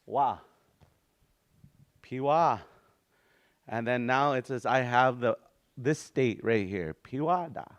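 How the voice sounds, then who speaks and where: A man with a medium-pitched voice gives an informal spoken language lesson in a relaxed, easygoing manner, slowly repeating words for practice and frequently restarting his sentences.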